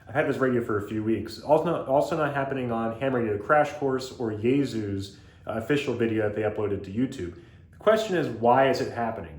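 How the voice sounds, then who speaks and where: Man, radio reviewer, analytical, emphatic commentary, mid-pitched voice. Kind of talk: explanatory commentary.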